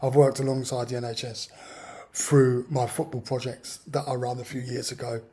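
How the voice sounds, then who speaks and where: A man's voice: mid-range voice, little pitch movement, normal speed, dark tone, husky. A man telling a personal story in an exasperated, ranting way. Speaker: vlogger. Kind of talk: personal account monologue.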